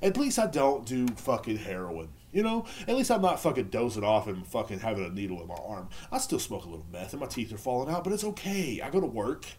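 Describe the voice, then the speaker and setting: A man's voice: lowish voice, huge pitch swings, fast, hardly any pauses, a little mellow, breathy edge. Rambling, profane man. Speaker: podcast host. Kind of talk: casual solo podcast rant.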